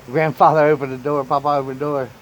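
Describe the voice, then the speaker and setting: A man's voice: a little high, level tone, quick pace, a little hiss or hum, poor audio. A man in a casual storytime vlog, rambling through family memories and chuckling often. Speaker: vlogger telling family stories.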